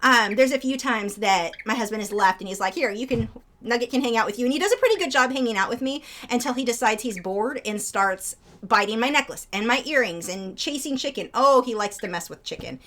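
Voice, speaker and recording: A young woman chatting casually on a live stream, rambling between topics and breaking into a high baby voice for her pet birds. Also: animated, fairly quick, a bit bright. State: out of breath.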